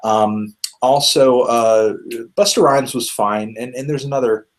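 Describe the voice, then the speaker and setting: A man's voice: medium pitch, fairly even intonation, a little slow. A man hosting a casual album review discussion, thinking aloud with frequent fillers and restarts. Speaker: music reviewer, host.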